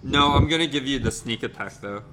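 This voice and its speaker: A man's voice: medium pitch, brisk, pushed and bright, rough recording. A man narrating as game master in a casual, rambling way, with the odd chuckle.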